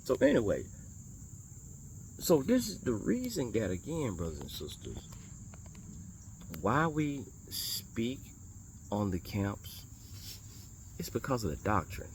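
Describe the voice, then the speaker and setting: A man with a very deep voice talks to his viewers as a small congregation's minister. He is animated and blunt, repeating lines for emphasis and swearing as he challenges listeners. Crickets chirp faintly in the background. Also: slow pace, pauses often, slight background noise. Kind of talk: casual religious talk to viewers.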